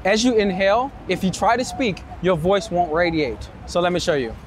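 A man hosting his dating-advice show, talking straight to camera outdoors at night in a city, energetic and direct with some swearing. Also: high voice, normal speed. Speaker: dating coach and show host. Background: street noise, passing vehicles, distant shouting.

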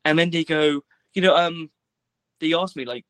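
A man's voice: a little high, moderate pace, vocal fry, fairly bright tone, dry recording, poor audio. A young man from Britain telling a story as a guest in casual chat, rambling and laid-back, filling it with "like" and acted-out dialogue.

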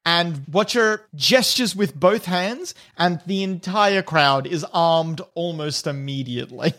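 A rambling, giggly game master. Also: male voice, fairly high pitch, expressive, slow pace, sharp tone. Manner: loose, rambling narration with fillers and giggles. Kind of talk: narrating a tabletop game.

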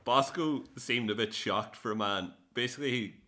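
A man's voice: medium pitch, moderate pace, bright, forceful tone. An Irish man co-hosting a podcast in casual chat, laughing as he talks. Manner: chatty, laughing often. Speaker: podcast co-host.

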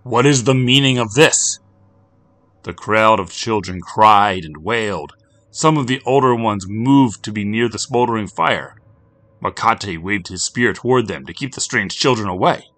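With a lowish voice, a man narrates a grim story for a podcast. He swings between loud, urgent stretches and hushed passages that are nearly whispered.

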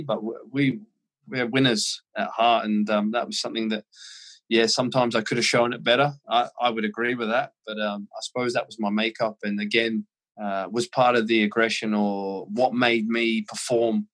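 An Australian man recounts stories from his playing days with lively energy and frequent laughter. His voice is mid-pitched and relaxed in a casual interview setting. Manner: animated anecdotes, laughs often. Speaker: former footballer, guest.

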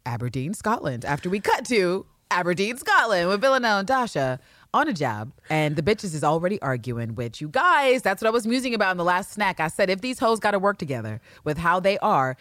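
A woman's voice: fairly low pitch, brisk, no echo, studio quality. A woman co-hosting a podcast recap, chatting casually and acting out characters' lines with swearing. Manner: animated, acts out characters' lines, swears freely. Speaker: podcast co-host.

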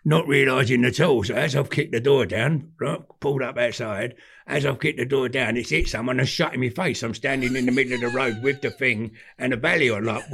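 Older London geezer, raspy gravel voice, animated storyteller on a podcast. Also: male voice, medium pitch. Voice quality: gravelly, husky. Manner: animated anecdotes, cockney slang, swearing. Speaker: podcast guest, former gangster. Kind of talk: casual storytelling.

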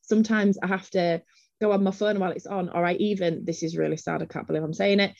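A woman, chatting casually as a podcast co-host and telling stories in an animated, self-deprecating way. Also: mid-range voice, no room sound. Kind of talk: casual chat on a call. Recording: dull, slightly lo-fi call audio.

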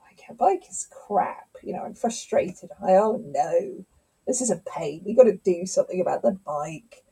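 A middle-aged woman, a scientist and author, telling stories in a lively conversational interview. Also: fairly low pitch, moderate pace, husky, low-quality recording. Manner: animated storyteller, acts out quotes.

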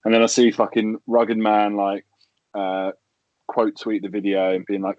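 A low-pitched man co-hosts a podcast in loose, casual chat. He swears freely and gets animated, laughing through his sentences. His voice sits close and dry, with no room around it. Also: fairly quick, dry recording, dull audio. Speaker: podcast co-host.

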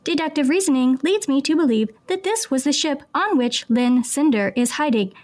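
A woman reading as a flat robotic female android. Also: sits high, moderate pace. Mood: clinical. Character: precise, matter-of-fact female android aide. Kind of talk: reading a book passage aloud.

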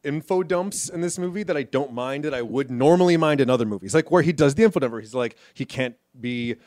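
Man explaining with halting restarts. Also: medium pitch, a little mellow, no echo, studio quality. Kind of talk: casual movie discussion.

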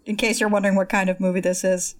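A woman's voice: medium pitch, little pitch movement, fast talker. A woman co-hosting a casual movie recap podcast, making dry, wry remarks. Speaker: podcast co-host.

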